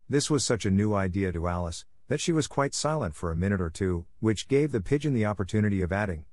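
A man narrating a classic storybook with clear, even storytelling. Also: fairly low pitch, fast talker, hardly any pauses, dry recording, clean studio sound. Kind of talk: storybook reading for language learners.

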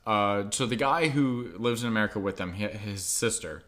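A man's voice: fairly low pitch, normal speed, a bit bright. A young man co-hosting a podcast in casual chat, rambling and swearing, full of likes and ums. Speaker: podcast co-host.

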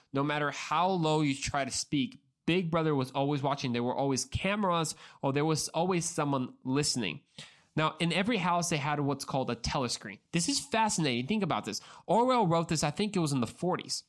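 A man's voice: fairly high pitch, lively intonation, normal speed. A man hosting a solo podcast, talking straight to the listener in an earnest, conversational way with many restarts and repeated words. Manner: addresses the listener directly. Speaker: podcast host.

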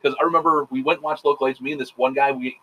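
Fast-talking man telling a rambling story. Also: mid-range voice, steady tone, pushed and bright, low-quality recording. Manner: rapid, profane storytelling full of quoted dialogue. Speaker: podcast host. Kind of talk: casual chat.

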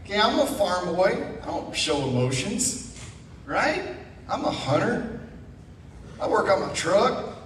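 A middle-aged man telling his testimony as a guest speaker at church, animated with asides. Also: sits high, slow, pauses often, slight background noise. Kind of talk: personal testimony. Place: church sanctuary. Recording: echoey room, mic far off.

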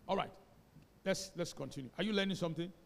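Pastor preaching, high pitched, calls the crowd to repeat lines, echoey church. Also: male voice, quick pace, vocal fry, slight background noise. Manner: emphatic, calls for congregation responses. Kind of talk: sermon. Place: church hall. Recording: reverberant church hall.

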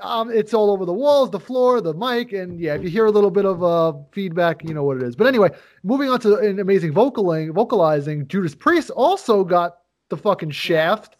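A man co-hosts a casual chat podcast, his voice somewhat high for a man. He rambles and circles back, stacking fillers and throwing in jokes. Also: expressive, fairly quick, darkish tone. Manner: rambling, full of fillers and restarts, jokey. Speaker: podcast co-host.

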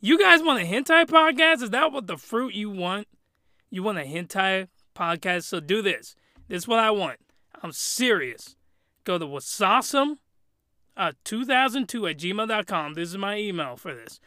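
A man hosting a casual solo podcast review, telling it in a crude, rambling, animated way into a podcast microphone. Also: high voice, moderate pace, no room sound, clean studio sound. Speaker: podcast host.

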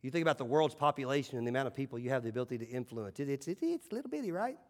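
A male pastor preaching a sermon in a church, emphatic, swinging between loud calls and hushed asides. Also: medium pitch, big pitch swings, very fast, in a large hall. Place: church sanctuary.

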